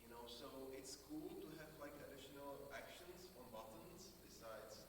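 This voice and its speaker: A man speaking up from the audience at a meetup, far from the mic in a very echoey hall. He rambles a little and restarts his sentences. Clear background noise and a long reverb surround his voice. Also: medium pitch, animated, normal speed. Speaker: audience member. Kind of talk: comment from the floor at a meetup.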